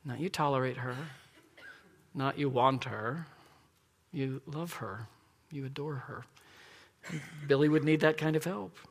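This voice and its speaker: A man's voice: medium pitch, unhurried, pauses often. Man preaching with echoing hall sound. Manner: earnest, emphatic preaching, dropping to soft asides. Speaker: pastor. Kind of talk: sermon. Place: church sanctuary.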